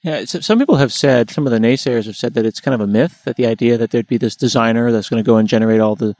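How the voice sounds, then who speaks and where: A man's voice: medium pitch, fast, darkish tone, no room sound. A man with an American accent hosting a casual tech interview, asking curious questions with a self-deprecating touch. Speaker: host.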